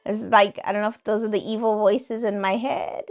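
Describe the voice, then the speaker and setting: A woman's voice: mid-range voice, little pitch movement, brisk, muffled recording. A woman hosting a casual livestream chat, reading viewer comments aloud in a playful, teasing way and laughing often. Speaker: livestream host.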